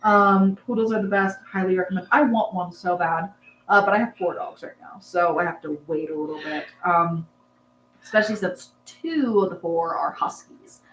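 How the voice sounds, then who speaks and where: A woman's voice: fairly low pitch, normal speed, fairly bright tone. A young woman hosting a casual livestream, rambling and chatty, with plenty of "um"s and asides to her viewers. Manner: rambling, chatty, lots of "um"s, laughs with the chat. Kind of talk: casual live chat. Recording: echoey room with faint background hum.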